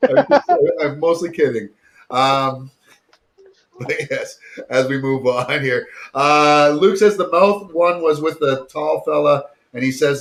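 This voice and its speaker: A Canadian host from Southern Ontario, with that region's accent, leads a loose, joking conversation. His voice sits a little high for a man, and he laughs easily between remarks. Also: slow, a bit bright. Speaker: podcast host. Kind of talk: casual chat.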